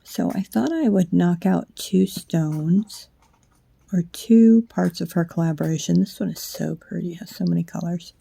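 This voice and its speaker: Slow, gravelly, husky-voiced woman crafter. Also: on the low side, dry recording. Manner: soft and unhurried, often dropping to a whisper while working. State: sleepy late at night. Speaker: craft channel host. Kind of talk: casual craft how-to chat.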